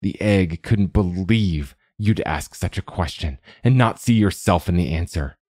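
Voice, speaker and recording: A man with a low voice reading the part of a squat, lumbering young monk who bullies with sneering, muttered scorn. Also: unhurried, a little mellow, no room sound, studio quality. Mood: scornful.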